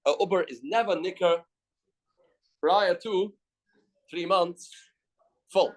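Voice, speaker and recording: Man, Canadian accent, Talmud teacher, fairly high voice, reads Aramaic and explains in English, repeats key phrases. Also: slow pace, rough recording. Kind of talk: daily Talmud class.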